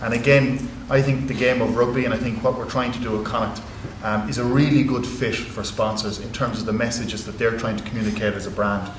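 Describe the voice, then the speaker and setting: A man's voice: medium pitch, fairly even intonation, a little fast, few pauses. An Irish man speaking on a conference panel as a rugby club executive, talking earnestly with many fillers and restarts. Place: university conference hall. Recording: echoey hall with background noise.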